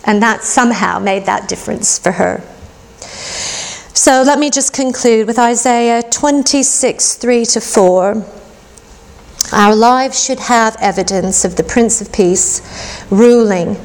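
A woman's voice: a little high, slow pace. A middle-aged woman preaching a sermon in an earnest, reflective way and telling a personal story. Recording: long hall reverb.

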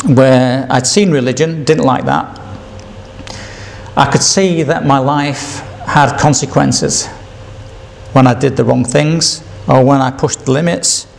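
A man's voice: on the high side, measured pace, creaky. An older man telling a rambling personal testimony, repeating himself and chuckling between memories. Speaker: speaker sharing his testimony.

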